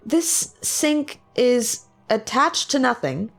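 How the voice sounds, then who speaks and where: Gaming creator, female, excitable and joking, with a very lively, bouncing pitch. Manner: excitable and joking, quick exclamations. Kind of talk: casual gameplay commentary.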